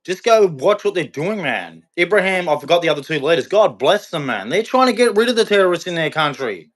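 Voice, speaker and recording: In a hot room in Queensland, a man hosting a live show delivers unscripted commentary that's heated, rambling and repetitive, with sentences often restarted. His voice is on the high side, very animated, and fairly quick.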